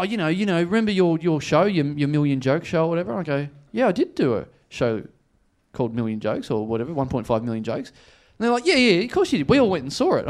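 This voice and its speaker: A man spins a comic story live before an audience, his high voice swinging widely as he acts out the people in it. He laughs through his lines and keeps the energy up. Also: a little mellow. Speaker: comedian guest.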